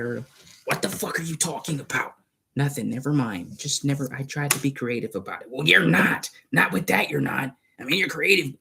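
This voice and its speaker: A man's voice: fairly high pitch, creaky, pushed and bright, a little hiss or hum. A man rambling and cursing in a casual monologue, arguing back and forth with himself. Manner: profane, rambling, argues with himself.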